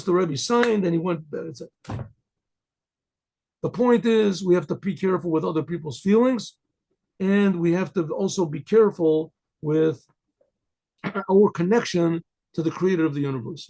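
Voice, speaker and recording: A man, a rabbi, telling a Chassidic story in a conversational way, clearing his throat often. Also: high voice, normal speed, warm tone.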